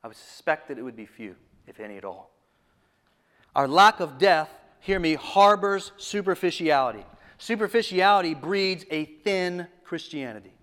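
Male preacher, fairly high pitch, emphatic and repetitive with sudden hushed drops. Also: expressive, moderate pace. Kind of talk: sermon.

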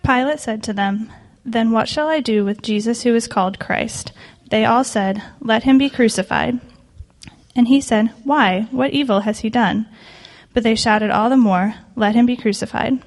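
A woman reading scripture aloud in a church service, clear and even. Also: fairly high pitch, normal speed. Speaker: scripture reader.

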